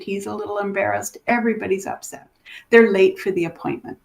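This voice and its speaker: A woman who teaches about dementia care, telling client stories and acting out the people in them. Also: on the high side. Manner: animated, acts out the people in her stories.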